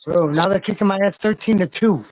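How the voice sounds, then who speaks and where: A man's voice: sits high, brisk, a little mellow, rough recording. A man hosting a live stream, chatting and cursing at a football game he plays. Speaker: streamer host. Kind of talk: casual stream chat while gaming.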